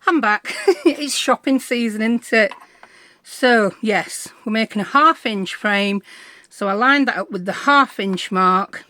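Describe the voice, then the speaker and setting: A woman's voice: on the high side, takes it slowly, sharp tone, no room sound. Chatty woman crafting. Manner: chatty, self-deprecating, bubbly asides. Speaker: craft vlogger. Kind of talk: casual crafting tutorial.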